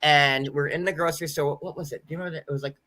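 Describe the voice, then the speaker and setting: A man's voice: on the high side, rapid-fire. A man from New York City, chatting casually and telling stories with lots of "like". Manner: chatty, animated storytelling with lots of "like". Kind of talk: casual group chat.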